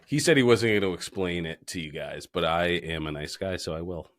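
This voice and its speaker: A man's voice: low-pitched, fairly quick, fairly bright tone. A man hosting a casual podcast, joking and swearing loosely with a friend while drinking. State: tipsy from drinking beer. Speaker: podcast host. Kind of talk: casual chat. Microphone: studio mic.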